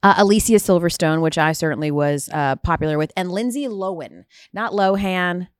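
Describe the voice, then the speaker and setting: A woman's voice: lowish voice, moderate pace, no echo. Chatty American woman host, dry sound. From United States. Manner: animated storyteller, playful impressions. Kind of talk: casual chat.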